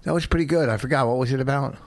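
A man's voice: mid-range voice, rapid-fire, no echo. A man, a comedian, bickering defensively in casual chat and swearing freely, on a close studio mic. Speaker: comedian, co-host.

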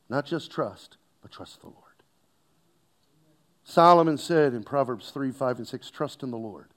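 In a mid-range voice, a preacher fires questions at his congregation, his sermon lurching from loud exhortation to lines spoken in a near whisper.

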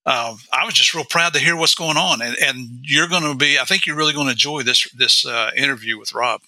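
A man's voice: medium pitch, a little fast, pushed and bright, dry recording. A man with a West Virginian accent co-hosting a podcast as a former agent, chatting casually and laughing easily.

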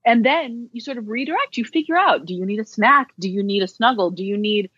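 A woman's voice: fairly high pitch, lively intonation, a little fast, fairly bright tone, breathy edge, dry recording. Candid chatty woman, dry lo-fi sound. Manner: candid, chatty, self-deprecating humor. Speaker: social worker, podcast guest. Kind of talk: casual interview conversation.

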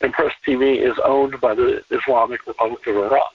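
A man's voice: mid-range voice, fairly even intonation, brisk, distant mic. Man on a tinny phone line. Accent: American. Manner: rambling, repeats words, emphatic. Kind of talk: casual conversation.

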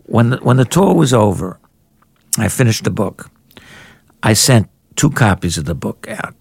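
An older man, an author and journalist, telling anecdotes in an animated way in a conversation and jumping into higher voices when he quotes people. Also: creaky, slightly rough, no room sound. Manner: animated raconteur, jumps into high-pitched voices for quoted people. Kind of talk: anecdotal storytelling in a podcast conversation.

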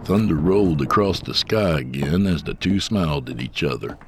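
Very deep-voiced male narrator. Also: lively intonation, noisy background. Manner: measured, storytelling. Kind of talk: scripted story narration.

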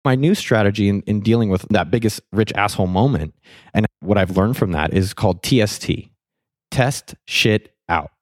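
A young adult man telling a candid, self-mocking story in a casual monologue, swearing freely and turning animated at key moments. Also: lowish voice, moderate pace, dry recording, clean studio sound. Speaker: vlogger telling a personal money lesson.

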